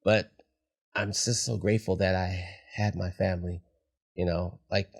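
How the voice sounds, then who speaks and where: Middle-aged guy with a really low voice, opening up on a podcast, soft and heartfelt. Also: flat delivery, normal speed, gravelly, slightly rough. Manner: reflective, heartfelt, soft-spoken at times. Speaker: guest. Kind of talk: candid podcast conversation.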